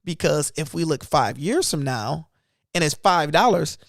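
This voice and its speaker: A man's voice: a little high, lively intonation, a little slow, gravelly, dry recording, clean studio sound. A man hosting an investing channel, chatting loosely about his trades in casual speech. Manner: loose and conversational, talking through trades. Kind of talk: casual livestream chat.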